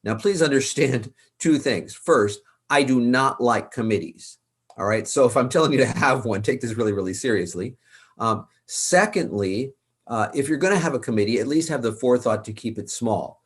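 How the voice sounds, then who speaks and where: A man's voice: medium pitch, animated, moderate pace, slightly rough. A man, a worship leader and author, giving earnest, emphatic advice in an interview, repeating words for stress.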